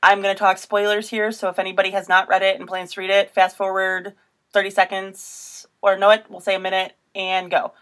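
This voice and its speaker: A woman's voice: medium pitch, monotone, fairly quick, fairly bright tone. Podcast co-host, young adult woman, casual rambling banter with laughs. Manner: chatty, giggly, rambling. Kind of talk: casual chat.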